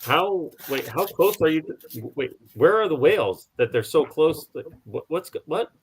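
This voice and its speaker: A man's voice: fairly high pitch, lively intonation, a little slow, breathy edge. A man co-hosting a sports podcast, reacting with laughs and stammered questions. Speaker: podcast co-host. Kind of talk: casual sports chat.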